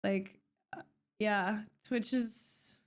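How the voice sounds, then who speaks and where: A woman's voice: mid-range voice, fairly even intonation, extremely slow. A young woman from Canada chatting casually on a live stream, rambling with many fillers and restarts.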